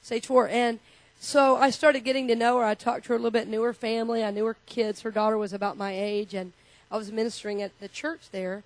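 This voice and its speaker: High-voiced woman minister preaching. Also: little pitch movement, a little fast, no room sound. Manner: call-and-response preaching, inviting the congregation to repeat; conversational and personal, with asides. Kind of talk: sermon. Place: church sanctuary.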